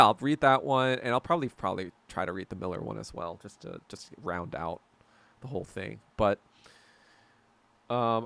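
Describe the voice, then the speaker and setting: A man's voice: lowish voice, gravelly, fairly bright tone, clear, resonant tone, no echo. A man hosting a casual podcast chat, reading comments and rambling through profane tangents with frequent restarts.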